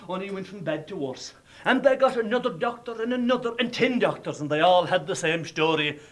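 A man with an Irish accent telling a traditional folk tale in a lively, dramatic way. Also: high voice. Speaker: storyteller.

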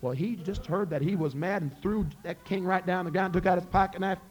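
A middle-aged man with a Southern Appalachian accent, telling a folk tale to a live audience in a folksy, relaxed way. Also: high-pitched, a little fast. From Scott County, Virginia. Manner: folksy, relaxed, addresses listeners as friends. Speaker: storyteller and musician.

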